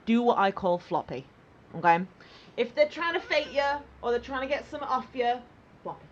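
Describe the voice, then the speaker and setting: A woman co-hosting a casual podcast chat, playful and quick to laugh, recorded on dull lo-fi audio. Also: a little high, expressive, slight background noise. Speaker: podcast co-host.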